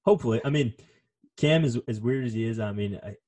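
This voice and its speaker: A man's voice: medium pitch, quick pace, darkish tone. A man co-hosting a podcast in casual chat, rambling and swearing with lots of fillers. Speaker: podcast co-host.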